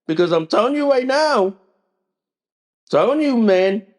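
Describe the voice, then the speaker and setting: Slow, swooping ranting man. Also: extremely high pitch, lively intonation. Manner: ranting, repetitive, drawn-out delivery. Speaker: podcast host. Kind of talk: opinion podcast rant.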